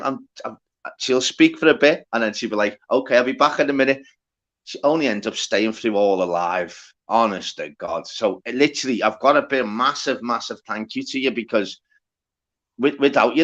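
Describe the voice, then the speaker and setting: A man's voice: medium pitch, a bit bright, muffled recording. A man hosting a live stream, rambling and repeating himself in casual chat.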